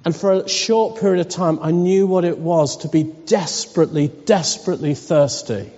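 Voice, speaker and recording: A high-voiced pastor preaches to his church, mixing earnest pleading questions with soft laughs. His voice is mellow and warm, and it carries with a long reverb through a church hall on a dull, lo-fi recording. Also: normal speed. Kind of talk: sermon.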